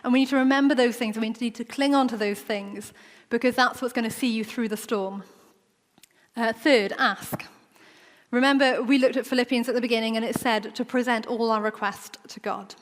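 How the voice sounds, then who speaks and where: A woman's voice: a little high, steady tone, normal speed. A woman preaching a sermon in a church, talking in a conversational way and acting out the quoted voices. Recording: long church reverb.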